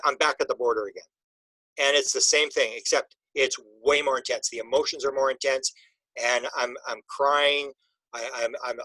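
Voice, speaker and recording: Husky-voiced man telling a halting story. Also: medium pitch, pushed and bright, dry recording, low-quality recording. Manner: halting, with many restarts and repeated words. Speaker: interview guest. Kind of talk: emotional personal storytelling.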